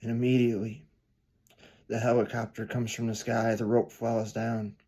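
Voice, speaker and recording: A man preaching a storytelling sermon, earnest, swelling louder then dropping soft. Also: mid-range voice, little pitch movement, moderate pace, slightly rough.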